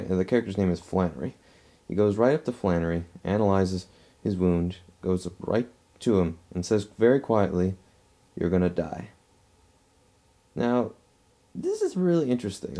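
A man's voice: fairly low pitch, mellow. A man giving a casual movie review, rambling and restarting his phrases as he talks at home.

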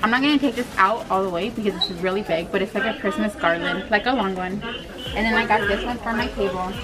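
A woman's voice: mid-range voice, fast, over a noisy crowd. A young woman vlogging casually to the camera, chatty and playful, often giggling. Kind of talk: casual vlog chat to camera.

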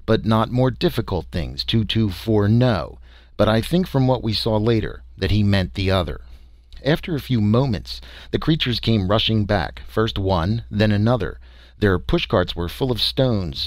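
A man's voice: on the low side, no room sound. A man reading a story as a first-person audiobook narration, in a folksy, conversational way with small hesitations.

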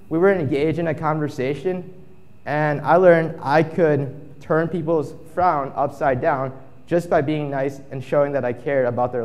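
A man's voice: a little high, darkish tone, long reverb tail. A young man in his twenties giving a casual storytelling talk at a conference, acting out the quotes in his story. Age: 20s. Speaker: conference speaker. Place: conference stage.

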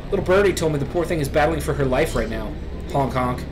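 A man's voice: fairly high pitch, expressive, fast, music in the background, lightly acted. A man voicing a smug, sneering rich teenage bully in a video game, reading his lines mockingly.

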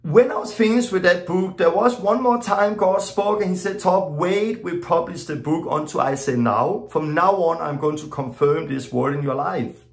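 A man's voice: a little high, normal speed, creaky. A middle-aged man giving an informal teaching talk as a preacher, telling stories and acting out his own exclamations in plain, loosely worded non-native English. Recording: echoey room.

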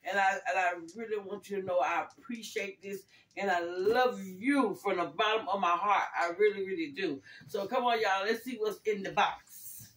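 An older woman hosting a casual gift-opening vlog, thanking viewers warmly and praising God, calling everyone y'all. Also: mid-range voice, normal speed. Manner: religious, praising God often; grateful, calls viewers y'all. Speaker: vlogger. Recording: echoey room, far from mic, faint noise.

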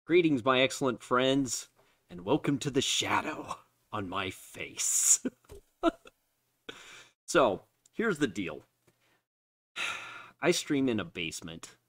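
A man's voice: medium pitch, lively intonation, slow pace, pauses often, a bit bright, no room sound. A man chatting casually while streaming a game from his unfinished basement, laughing often and joking at himself. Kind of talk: casual live-stream chat.

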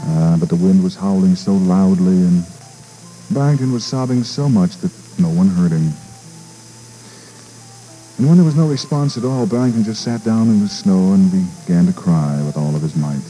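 Deep-voiced man reading a storybook aloud. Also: normal speed, soft background music, poor audio. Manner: expressive, with small stumbles and repeats. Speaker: radio disc jockey. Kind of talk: storybook narration.

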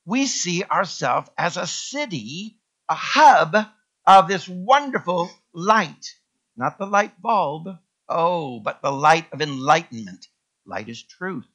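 A male pastor preaching a sermon in a church, emphatic and repeating key words with sweeping rises in pitch. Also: expressive, slow, a bit bright, highs cut off. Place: church sanctuary.

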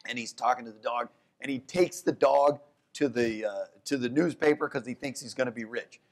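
A man, an economics professor, talking onstage in a lively, fast way that often breaks off and corrects itself. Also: medium pitch. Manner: animated, talks in quick bursts, restarts and corrects himself. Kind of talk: onstage conversation.

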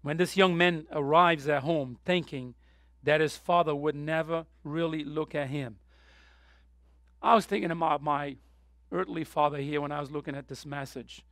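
A man preaching a sermon with passion, going from soft, tearful moments to loud, urgent appeals. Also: a little high, steady tone, moderate pace, no room sound, studio quality. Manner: impassioned, swings from soft to loud; emotional, near tears. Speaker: pastor.

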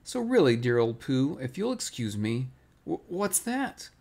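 A man's voice: mid-range voice, very animated, normal speed, darkish tone. A man voicing a small, timid male piglet in a bedtime storybook reading, anxious and stammering. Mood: nervous.

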